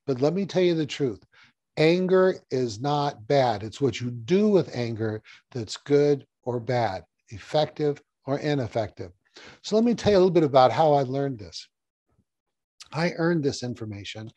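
Mellow-voiced man teaching hypnotherapy. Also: medium pitch, dry recording. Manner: storytelling, conversational, repeats key phrases. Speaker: hypnotherapy trainer. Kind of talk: casual teaching talk to camera.

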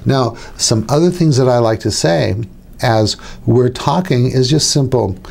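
A middle-aged man talking other hypnotists through his methods, casual and conversational. He repeats his key lines for emphasis and slips into acted-out exchanges. His voice sits at an ordinary middle pitch. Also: measured pace, creaky, a little mellow. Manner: conversational, repeats key phrases, acts out dialogues. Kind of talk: instructional talk to camera.

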